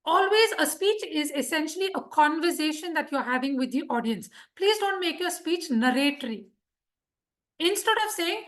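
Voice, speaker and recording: A woman teaches public speaking to a live club, her voice high and bright with a husky edge. She keeps a lively, teacherly rhythm and keeps checking that her listeners follow. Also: normal speed. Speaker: Toastmasters speaker teaching speech craft. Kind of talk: live instructional talk to a club.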